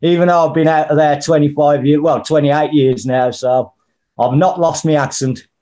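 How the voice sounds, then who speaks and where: A man's voice: fairly high pitch, steady tone, normal speed, dark tone. A middle-aged man from the English Midlands with a Birmingham accent, a guest talking bluntly and colloquially in a casual interview. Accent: Birmingham (Brummie). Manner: blunt and colloquial, calls people mate and brother.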